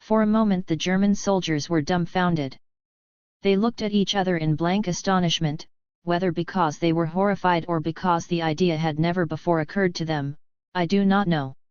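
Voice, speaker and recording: A woman reading a memoir aloud as narration, in a steady, measured way. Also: lowish voice, smooth, no room sound, muffled recording. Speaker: audiobook reader. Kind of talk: scripted narration.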